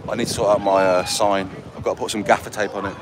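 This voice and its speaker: A man's voice: lowish voice, little pitch movement, quick pace. Man chatting with street noise. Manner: chatty, reads comments aloud, jokey. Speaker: busker talking to live chat. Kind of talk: casual chat.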